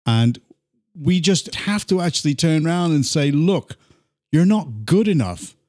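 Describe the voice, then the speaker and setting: A man's voice: a little high, animated, measured pace, darkish tone. A man hosting a political talk show, earnest and indignant, reading headlines and inviting callers in. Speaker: host.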